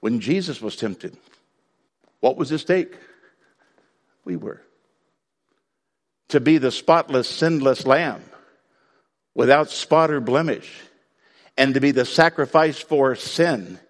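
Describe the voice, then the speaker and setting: A man preaching a sermon to his congregation in a conversational way, breaking now and then into loud outbursts. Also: mid-range voice, expressive, slow, pauses often, in a large hall. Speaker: pastor.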